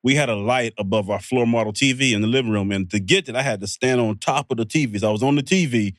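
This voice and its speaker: A man's voice: medium pitch, fast talker, no room sound. A man hosting a podcast, joking and bantering in casual chat. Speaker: podcast host.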